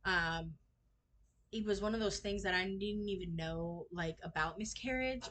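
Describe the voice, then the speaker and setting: A young woman telling a personal story in a casual vlog, halting and full of fillers, acting out what people said to her. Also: medium pitch, a bit bright. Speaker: vlogger sharing a personal story.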